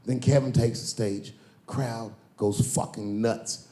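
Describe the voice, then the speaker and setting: A man's voice: mid-range voice, steady tone, slow pace, dark tone. A man doing stand-up comedy, telling a laid-back story and acting out the other voices in it. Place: comedy stage with live audience.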